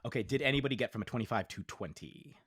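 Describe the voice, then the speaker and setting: A man's voice: medium pitch, fast, a bit bright, husky, no room sound. A young man narrating as dungeon master in a tabletop game, talking with many fillers and restarts.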